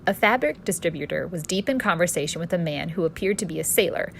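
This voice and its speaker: A woman author narrating her own story in first person, expressive and storytelling in tone. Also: fairly low pitch, quick pace, gravelly, slight background noise. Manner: expressive storyteller, voicing a cheeky street boy.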